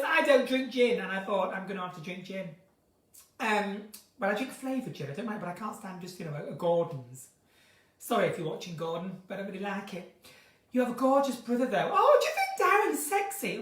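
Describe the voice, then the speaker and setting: A woman hosting an unscripted live chat, giggly and rambling from one topic to the next. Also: mid-range voice. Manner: giggly, chatty, drifts between topics. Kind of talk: chatty unscripted live stream. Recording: echoey room, somewhat far from mic.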